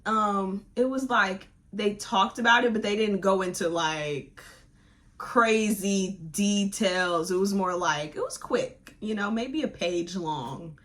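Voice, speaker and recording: A woman hosts a book club podcast and retells the story in an animated, rambling way. Her talk is slangy and informal, and her voice sits in a middle range. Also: mid-range voice, takes it slowly. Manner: animated, digressive retelling that acts out characters' lines. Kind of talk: casual book review chat.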